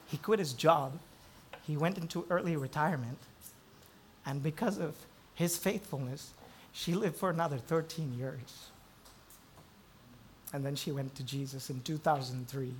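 A middle-aged man preaches from the pulpit in a notably high voice. He tells his stories in a hushed, low register, then builds to loud, rising emphasis on key points. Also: a little hiss or hum. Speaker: pastor. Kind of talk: sermon.

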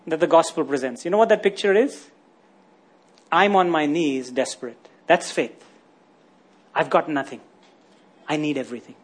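A man's voice: high-pitched, slightly rough. A man preaching a sermon, often asking his listeners rhetorical questions and tagging lines with "isn't it?".

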